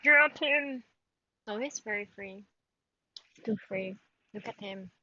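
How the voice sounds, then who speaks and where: A woman's voice: mid-range voice, flat delivery, measured pace, a bit bright, no echo. A woman streaming live, chatting to her cat in a giggly, baby-talking way. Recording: dull lo-fi stream audio.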